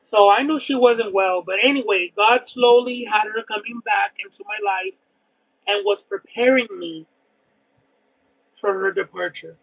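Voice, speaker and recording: High, bright-voiced man telling a story. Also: measured pace, creaky, low-quality recording. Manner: expressive, detailed rambling storyteller. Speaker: livestream host eating and reading chat. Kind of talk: casual chat and storytelling.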